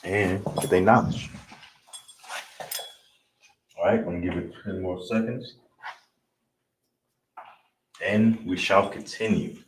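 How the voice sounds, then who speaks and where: A man with a Chicago accent teaching an online language class, saying words slowly and repeating them, often checking that listeners understand. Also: low voice, fairly even intonation. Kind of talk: online language lesson, livestream. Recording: roomy echo, distant mic, faint noise.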